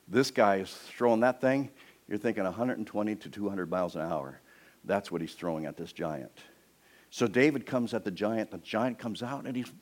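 A man preaching a sermon, retelling a story in an animated way and acting out its scenes. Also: on the low side.

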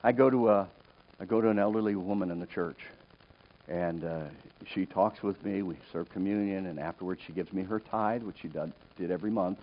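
An older man, a pastor, telling a story in a sermon, with big swings from joyful shouts to a near hush. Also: low-pitched, fairly quick. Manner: animated storyteller, shouting in joy then dropping to a hush. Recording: dull lo-fi sound with faint hiss.

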